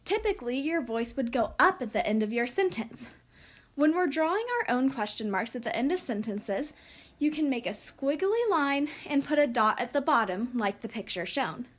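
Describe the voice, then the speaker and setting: A woman teaching a recorded lesson, speaking slowly and clearly for young children. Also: sits high, sing-song.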